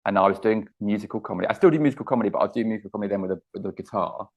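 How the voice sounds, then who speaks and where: Chatty comedian telling a story. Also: male voice, fairly low pitch, very fast, breathy edge. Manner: animated storyteller, laughs often, acts out quotes. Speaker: comedian guest. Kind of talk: casual interview chat.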